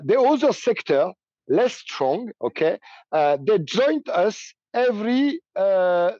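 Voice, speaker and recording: A French man with a French accent, a native French speaker, answering interview questions over a remote call in halting English, often pausing to search for words. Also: sits high, darkish tone, dry recording. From France. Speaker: union leader and train operator. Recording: dull remote call audio.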